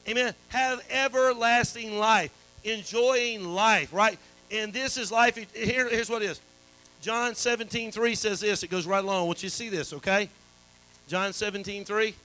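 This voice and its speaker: A man's voice: very high-pitched, sharp tone, low-quality recording. A man preaching a sermon as pastor, calling out to the congregation and restarting phrases. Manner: call-and-response preaching, repetitive restarts.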